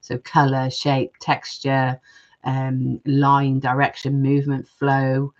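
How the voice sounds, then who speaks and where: A woman's voice: rumbling low, completely flat delivery, slow, highs cut off. A woman hosting a live jewellery-making stream, chatting casually and reading viewer comments aloud.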